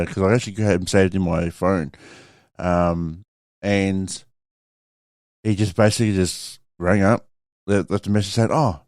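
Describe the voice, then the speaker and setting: A man's voice: low-pitched, darkish tone, smooth, no echo, clean studio sound. A man hosting a podcast in casual chat, rambling with fillers and plenty of swearing. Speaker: podcast host.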